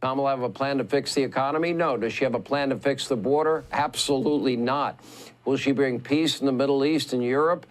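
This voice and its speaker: A man's voice: mid-range voice, fairly quick. A man hosting political commentary, reading a scripted segment with emphatic, repetitive phrasing. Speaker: commentary host.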